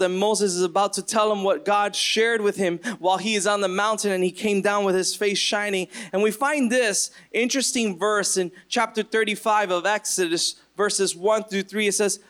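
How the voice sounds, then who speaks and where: A man preaching a sermon, retelling scripture and acting out quoted voices with sudden jumps in pitch. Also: a bit bright. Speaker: pastor.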